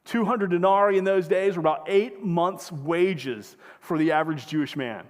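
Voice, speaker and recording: A man with a fairly high voice delivers a sermon from the pulpit. He talks in a conversational way and keeps asking the congregation questions. His words ring out with a long echo in a worship hall. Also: normal speed. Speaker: pastor. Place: church sanctuary.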